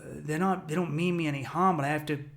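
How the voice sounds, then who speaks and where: A podcast host in his thirties works alone, giving an intense, profane account of something personal and voicing his own inner thoughts. His delivery is quick, a little high and a bit bright, with vocal fry and fairly even intonation.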